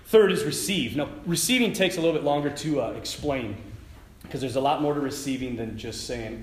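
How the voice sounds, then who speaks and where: A man, a priest, giving an informal sermon at a prayer retreat, animated and laughing as he tells stories. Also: fairly high pitch, normal speed, slight background noise. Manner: animated, laughing, conversational storyteller. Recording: echoey room.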